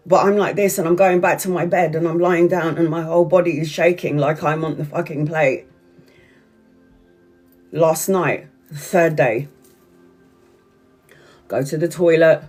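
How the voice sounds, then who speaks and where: A woman's voice: fairly low pitch, moderate pace, a little mellow, faint music behind. A woman chatting to viewers on a livestream, telling a story in a rambling, repetitive way and swearing often. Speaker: tarot reader on a livestream. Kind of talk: casual livestream chat.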